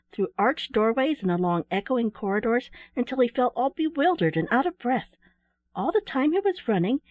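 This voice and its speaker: A woman narrating a children's bedtime story in a gentle, expressive reading voice. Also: on the high side, no echo. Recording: dry, phone-like narrow sound.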